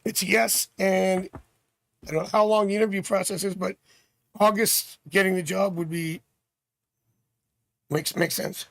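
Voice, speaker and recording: A man from Canada hosting a live tarot stream, chatting with viewers and thinking out loud as he reads cards. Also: high-pitched, fairly even intonation, measured pace, creaky, pauses often, dry recording. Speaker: tarot reader and livestream host.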